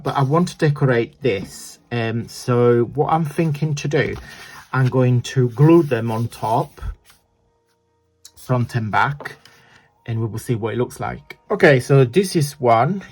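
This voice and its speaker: A man's voice: medium pitch, measured pace, darkish tone, faint music behind. Chatty man demonstrating a craft. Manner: chatty, self-deprecating, talks while working. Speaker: crafting channel host. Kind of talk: casual crafting tutorial.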